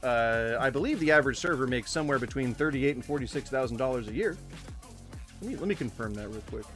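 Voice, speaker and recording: A man's voice: medium pitch, fast talker, soft background music. A man streaming casual commentary while reacting to videos, rambling and cutting himself off mid-thought. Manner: rambling, self-interrupting, animated.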